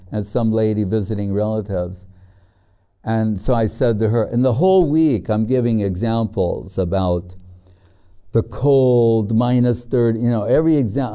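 Brief: middle-aged male spiritual teacher, chatty storyteller, unhurried and dark-toned. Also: on the low side, clean tone. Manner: storytelling, chatty with many fillers. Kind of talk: devotional scripture lecture with anecdotes.

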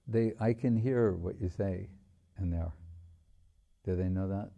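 An older man speaks slowly and thoughtfully, giving a devotional teaching with long pauses between phrases. His voice is gravelly and very dark, and it sits low. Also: muffled recording. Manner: slow and reflective, with long pauses. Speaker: spiritual teacher. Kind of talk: devotional talk with chanted prayers.

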